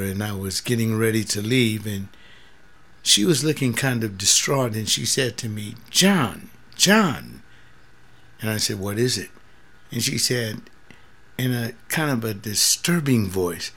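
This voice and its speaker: A man in his seventies, a retired pastor hosting a radio talk in a studio, measured and plainspoken as he reminisces. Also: lowish voice, a bit bright. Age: 70s.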